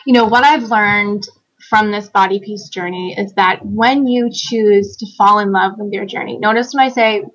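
A woman guest telling a personal story in a conversational interview, animated, laughing often and acting out quoted lines. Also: medium pitch, normal speed, highs cut off. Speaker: guest author.

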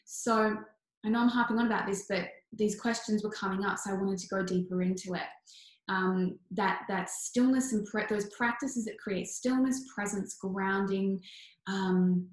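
Woman coach talking soft and flowy, repeats herself a lot, super echoey room. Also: mid-range voice, steady tone, normal speed. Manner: flowing, soothing, repeats phrases. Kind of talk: casual teaching talk answering questions.

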